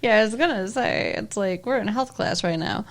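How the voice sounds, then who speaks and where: A woman's voice: medium pitch, expressive, normal speed, vocal fry. A woman co-hosting a podcast, recapping a TV plot in casual chat, wry and blunt, laughing often. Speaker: podcast co-host.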